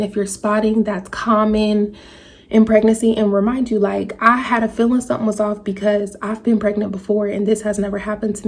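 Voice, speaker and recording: A woman in a vlog telling a personal story to her viewers, speaking in a halting, emotional way. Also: mid-range voice, vocal fry, darkish tone, slightly rough. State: tearful at times. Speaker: vlogger. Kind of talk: personal story told to camera.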